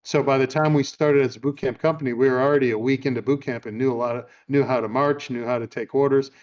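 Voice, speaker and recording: A man's voice: medium pitch, fairly even intonation, fast talker, a little mellow, muffled recording. A man hosting a podcast, telling amused stories in a casual chat and retelling a film. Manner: chatty, amused storyteller. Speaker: podcast host.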